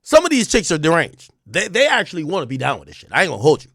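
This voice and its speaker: A male live streamer talking to his chat in animated, profane street slang, laughing often. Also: fairly high pitch, very fast, no room sound, clean studio sound. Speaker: streamer host.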